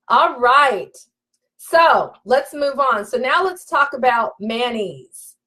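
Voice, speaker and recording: Woman coach on a live stream, slightly high voice, emphatic and preachy, repeats points, talks straight to viewers. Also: expressive, takes it slowly, pushed and bright, rough recording. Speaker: relationship coach. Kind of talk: live-stream teaching, reading viewer comments.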